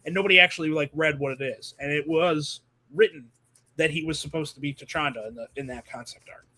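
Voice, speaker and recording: A man hosting a casual movie podcast, rambling and animated with lots of fillers over a video call. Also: on the high side, brisk. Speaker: podcast host.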